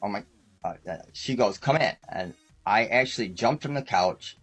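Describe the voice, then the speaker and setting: A man's voice: fairly low pitch, lively intonation, moderate pace, a bit bright, soft background music. A man guest on a talk show, telling rambling stories casually, often laughing and acting out quoted lines. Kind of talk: casual storytelling.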